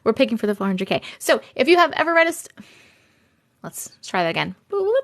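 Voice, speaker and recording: A woman's voice: a little high, sing-song, quick pace. A woman with a New York accent hosting a casual livestream chat from home on a phone, giggly and playful. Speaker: livestream host.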